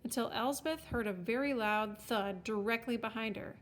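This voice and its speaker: A woman with a somewhat high voice reads a children's fantasy chapter aloud. Her narration is wry and expressive, paced like a storybook. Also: normal speed. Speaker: audiobook narrator.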